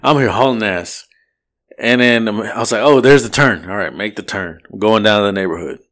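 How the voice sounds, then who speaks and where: A man's voice: fairly low pitch, moderate pace. A man telling a long story on a casual podcast, swearing and acting out the voices of the people in it. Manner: animated, swearing, acts out voices in his story. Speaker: podcast co-host.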